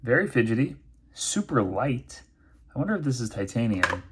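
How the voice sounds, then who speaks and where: Man in middle pitch, relaxed reviewer talking off the cuff. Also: moderate pace, breathy edge. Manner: chatty, thinking aloud with many fillers. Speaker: knife and pen reviewer. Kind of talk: casual unboxing review.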